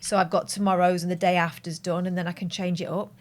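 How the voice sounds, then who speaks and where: A woman's voice: fairly low pitch, little pitch movement, fast talker. Chatty English woman co-hosting. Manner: chatty, upbeat, down-to-earth. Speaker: co-host. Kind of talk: casual live show chat.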